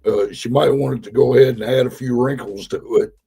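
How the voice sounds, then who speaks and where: Raspy drawling man joking around. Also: mid-range voice, steady tone, fairly quick, warm tone, soft background music. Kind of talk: casual livestream chat.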